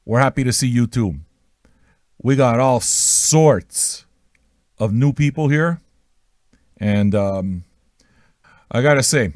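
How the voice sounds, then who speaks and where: A man's voice: mid-range voice, darkish tone, no room sound, studio quality. A man hosting an online music radio livestream, joking crudely and rambling as he welcomes listeners. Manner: joking, self-mocking, crude. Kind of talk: profane, rambling livestream banter.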